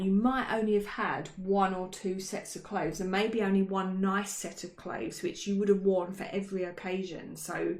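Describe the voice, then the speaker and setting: A woman co-hosting a casual history chat, chatty and self-mocking, with frequent ums. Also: lowish voice. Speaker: podcast co-host. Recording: roomy echo.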